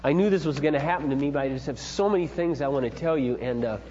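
A man's voice: on the high side, quick pace, long reverb tail, muffled recording, slight background noise. A middle-aged man giving an earnest, emphatic, preachy talk on parenting, told through personal stories. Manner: earnest, emphatic, building to forceful points. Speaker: parenting speaker.

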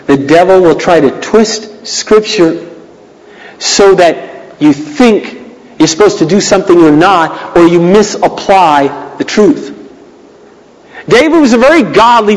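A man preaching in a casual, emphatic way, his voice sitting high and shooting higher when he reads scripture. The sound carries a long hall reverb behind it. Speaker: pastor. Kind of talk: sermon.

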